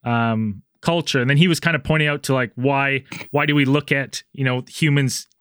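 A man's voice: mid-range voice, steady tone, moderate pace, fairly bright tone, clear, resonant tone, no room sound, clean studio sound. A man in a casual podcast chat, retelling ideas he heard with lots of fillers. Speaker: podcast co-host.

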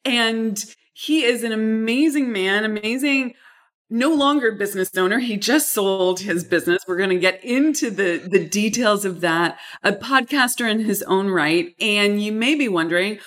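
A woman's voice: medium pitch, animated, normal speed, few pauses, fairly bright tone. A woman hosting a podcast interview, talking with enthusiasm and often repeating words. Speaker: podcast host.

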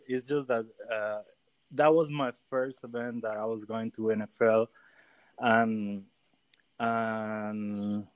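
Slow, hesitant man searching for words. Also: fairly low pitch, a little mellow, no room sound. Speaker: sports photographer guest. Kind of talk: casual interview chat.

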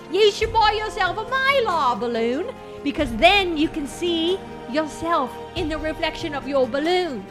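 A woman playing a loud, bossy chimney-sweep motivational speaker with a put-on Cockney accent, in an improv comedy bit. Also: very high-pitched. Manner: shouty, bossy, mock-inspirational.

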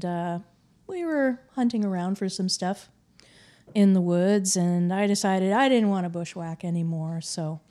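Woman guest, mellow voice, animated storyteller with loose filler words. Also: fairly low pitch. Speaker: interview guest. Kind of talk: recounting a personal encounter.

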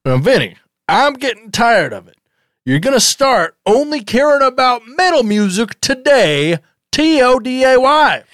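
A man's voice: very high-pitched, sing-song, measured pace, fairly bright tone, no echo, studio quality, pitched above the performer's own voice, full character voice. A man voicing a nagging, scolding bandmate in an exasperated, barking manner.

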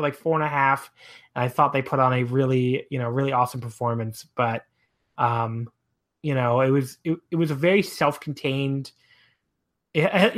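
A man co-hosting a wrestling podcast, talking in a rambling, casual way, his voice jumping high when he gets exasperated.

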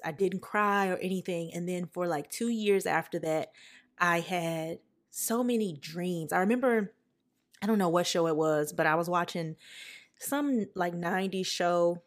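Candid young woman podcast host, low voice. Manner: candid, conversational, emotional at times. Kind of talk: personal storytelling podcast.

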